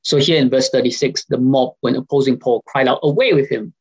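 A man's voice: medium pitch, level tone, brisk, slightly rough, dull audio. A man preaching a sermon over a video call, earnest and questioning, with frequent filler sounds.

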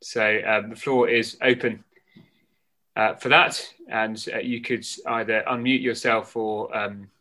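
Polite man hosting an online meeting, flat voice. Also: on the low side, measured pace. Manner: polite, hesitant, many ums. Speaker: meeting host.

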